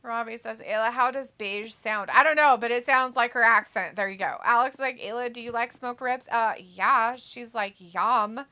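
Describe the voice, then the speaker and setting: A woman's voice: on the high side, normal speed, few pauses, bright, forceful tone. A woman co-hosting a casual livestream, reading chat messages aloud and laughing often. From United States. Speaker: co-host reading live chat.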